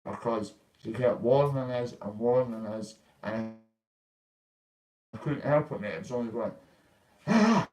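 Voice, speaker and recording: Vlogger, young man, blunt and confrontational, swears freely, mid pitch. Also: a little slow, darkish tone, soft background music, rough recording. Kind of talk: casual ranting vlog.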